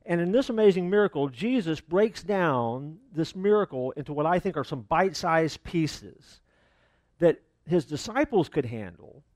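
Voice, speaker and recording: A male pastor preaching a sermon in a relaxed, conversational way, full of fillers and asides. His voice sits higher than most men's. The sound is close and dry, with no room echo. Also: normal speed. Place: church.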